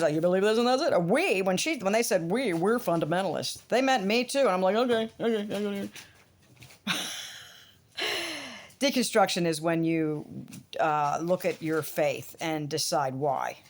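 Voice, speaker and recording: A middle-aged woman from the United States ranting casually to camera, swearing freely. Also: mid-range voice. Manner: animated, swearing, talks to her dogs in between. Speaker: vlogger.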